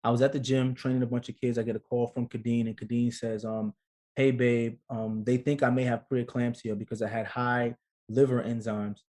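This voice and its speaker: A man in his thirties tells a story as a guest in a relaxed interview. His delivery is lively and casual, and he acts out the voices of the people in it. His pitch sits in the middle range for a man. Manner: animated storyteller, acts out quotes. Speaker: guest, actor and father.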